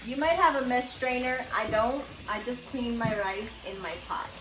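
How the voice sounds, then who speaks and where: Middle-aged mom home cook, slightly high voice, echoey kitchen with music playing underneath. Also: female voice, moderate pace. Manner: chatty, explains each step plainly. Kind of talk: casual cooking demonstration. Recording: echoey room with background music.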